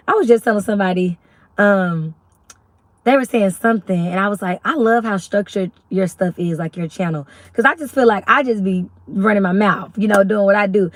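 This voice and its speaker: A young woman from Arkansas with a Southern accent, chatting casually and rambling on a live stream as a YouTube host. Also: no room sound. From Little Rock, Arkansas. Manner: chatty, rambling, faith-filled talk with lively pitch jumps.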